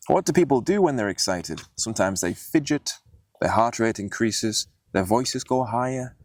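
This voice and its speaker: A young man hosting a writing video, explaining mistakes in his old story in a plain, self-critical way. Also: on the low side. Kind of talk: casual teaching monologue.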